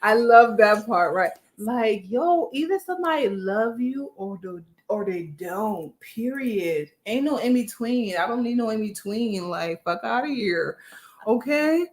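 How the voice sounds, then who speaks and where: A woman's voice: a little high, expressive, measured pace, echoey room. A woman hosting a casual motivational talk, upbeat and slangy, often checking in with her listeners. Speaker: host.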